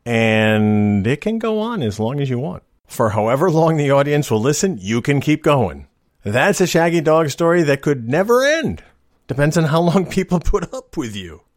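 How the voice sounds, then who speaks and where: A middle-aged man telling a long joke story in a casual, wry, deadpan way, as host of a storytelling show. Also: medium pitch, no room sound, studio quality. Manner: wry, deadpan joking delivery.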